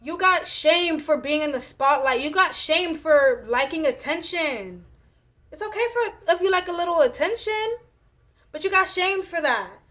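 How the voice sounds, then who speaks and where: A woman's voice: extremely high pitch, animated, measured pace, a bit bright. A young woman giving a casual astrology reading, blunt and profane, often repeating "you know what I'm saying.". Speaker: astrology reader.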